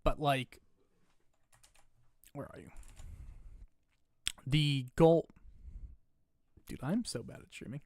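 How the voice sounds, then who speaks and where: Young man, slightly high voice, dry close sound, rambling streamer, rants loudly. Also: takes it slowly, long pauses, dry recording. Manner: rambling, self-deprecating, gets loud and animated when ranting. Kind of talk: casual chat.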